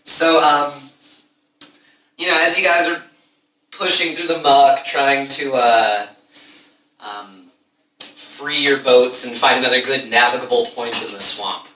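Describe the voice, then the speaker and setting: A man narrating as game master in a tabletop game, relaxed and halting. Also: mid-range voice, slight background noise. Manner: relaxed, halting, with ums and laughs. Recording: echoey room, distant mic.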